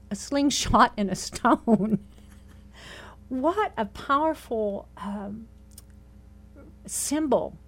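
A woman preaching a sermon, retelling scripture with animated asides and laughs. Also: on the high side.

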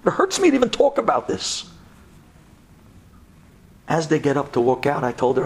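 A man's voice: fairly high pitch, huge pitch swings, moderate pace, gravelly, slight background noise. A man, a rabbi, telling a story dramatically and acting out the people in it. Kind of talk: storytelling talk.

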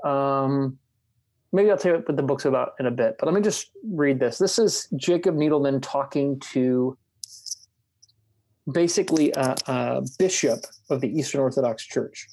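A man co-hosting a casual talk show, chatting and reading a book passage aloud in a reflective, measured way that slows on key words. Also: medium pitch, a little mellow.

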